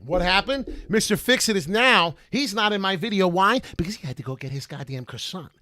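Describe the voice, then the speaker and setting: A man hosting a vlog, ranting loudly and profanely from a car in a parking lot. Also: high voice, animated, a little fast. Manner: loud, profane, fired-up ranting. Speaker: crypto video host.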